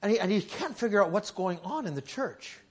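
A middle-aged male preacher giving a sermon, often stammering over his starts and building up to shouted lines. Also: high voice, very animated, a little fast. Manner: stammering restarts, rising to shouts.

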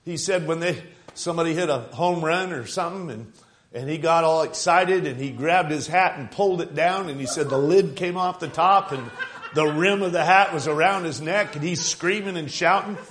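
A man preaching a fervent sermon, retelling stories and building to loud exclamations. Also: on the high side, normal speed. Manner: fervent, rising to shouts, quoting and laughing.

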